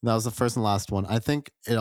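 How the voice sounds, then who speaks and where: A man's voice: fairly low pitch, fast, darkish tone, no room sound, clean studio sound. A man co-hosting a podcast, chatting casually with laid-back, jokey banter. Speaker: podcast co-host.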